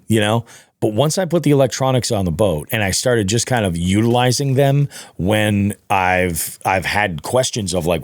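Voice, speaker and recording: A man's voice: fairly low pitch, animated, normal speed, darkish tone, no room sound. Laid-back man hosting a podcast. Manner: laid-back, swears freely, rambling. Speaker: podcast host. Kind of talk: casual chat.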